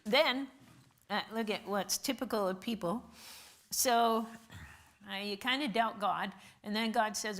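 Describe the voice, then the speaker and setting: Woman, Bible class teacher, conversational, rhetorical questions, crisp bright tone. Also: medium pitch, unhurried. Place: church classroom.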